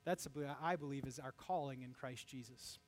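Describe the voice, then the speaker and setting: A male pastor preaching a sermon, animated, acting out quoted voices as he teaches. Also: normal speed. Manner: animated, acts out quoted voices with rising pitch.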